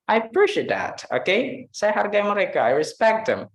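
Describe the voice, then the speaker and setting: A man's voice: high-pitched, big pitch swings, moderate pace, roomy sound, poor audio. A man with an Indonesian accent, teaching English in a live online class, mixing in Indonesian with many fillers.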